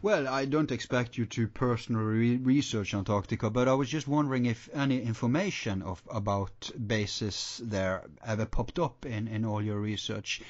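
A man's voice: medium pitch, moderate pace, hardly any pauses. A man hosting an interview, asking questions and prompting with short listening noises. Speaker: podcast interviewer. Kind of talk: casual interview. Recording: dull lo-fi audio.

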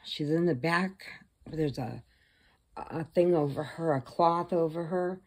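Low-voiced woman telling a movie story to her camera, chatty and animated. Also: takes it slowly. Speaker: crochet vlogger. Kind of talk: casual storytelling, retelling a film plot.

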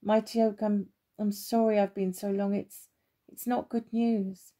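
A woman's voice: medium pitch, little pitch movement, measured pace, mellow, lightly acted. A woman doing Timmy, a nervous little bird. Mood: apologetic. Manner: nervous, apologetic.

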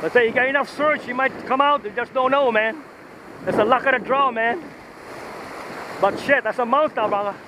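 A man fishing from the shore, whooping and calling out excitedly as he fights a big fish, with surf and wind behind him. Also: very high voice, normal speed. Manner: whooping, shouting with excitement, local slang. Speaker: fisherman. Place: outdoors on the shore by the ocean. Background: waves and wind.

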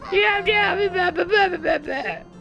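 A woman voicing a small male mushroom helper who is a whiny crybaby, sobbing and pleading in a high bleat over game music. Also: takes it slowly, gravelly, highs cut off, full character voice.

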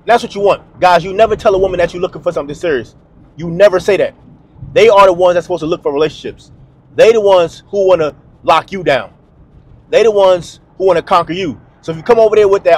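A man's voice: high-pitched, fairly quick. A man hosting a dating advice video, talking bluntly and emphatically to camera in a slangy, repetitive way. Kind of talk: direct-to-camera advice monologue.

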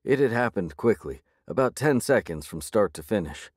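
Deep-voiced male audiobook narrator. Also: animated, moderate pace, dry recording, clean studio sound. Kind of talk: first-person audiobook narration.

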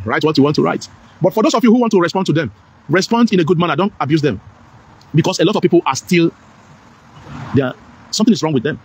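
A man with a Nigerian accent full of Pidgin turns delivers a rapid, emphatic political monologue. His voice sits high for a man, and he hammers the same lines again and again in a preachy tone. Faint background noise runs under it. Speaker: political commentator. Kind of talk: impassioned monologue.

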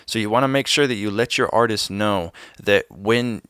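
A man's voice: on the low side, normal speed, a bit bright, smooth, no echo, clean studio sound. A young man, a music producer, giving a plain step-by-step tutorial on recording vocals. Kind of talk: instructional tutorial.

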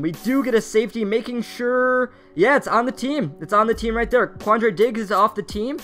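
A young man commentating a live pack-opening stream in a chatty, running way, talking to his viewers as he goes. He swings from easy chatter to loud, giddy outbursts, with soft music playing quietly behind him. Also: high voice, brisk, hardly any pauses. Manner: excitable, shouts and laughs at big pulls; chatty, reads chat aloud. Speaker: mobile game streamer. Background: faint background music.

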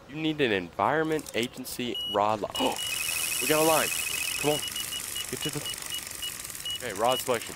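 A young man giving casual commentary on a fishing game, excitable, swearing and coaxing the fish along. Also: medium pitch, noisy background. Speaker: gaming video creator.

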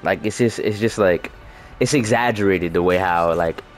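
A man's voice: deep voice, normal speed, soft background music. A young man giving casual gameplay commentary, trash-talking loosely and rambling with restarts. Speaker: gaming streamer.

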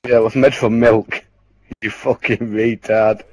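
A man's voice: lowish voice, level tone, measured pace, darkish tone, dry recording. A man arguing in game voice chat, swearing and firing insults back. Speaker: online game player. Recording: dull lo-fi game chat mic.

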